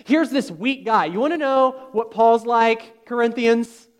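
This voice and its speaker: A man's voice: very high voice, measured pace. A pastor preaching a sermon, emphatic and full of rhetorical questions to his congregation.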